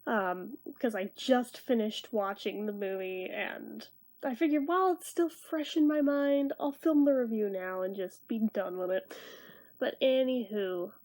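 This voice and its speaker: A woman in her thirties, tired and half awake, rambling quietly through a casual late-night movie review. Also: on the high side. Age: 30s. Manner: rambling, talking quieter than normal.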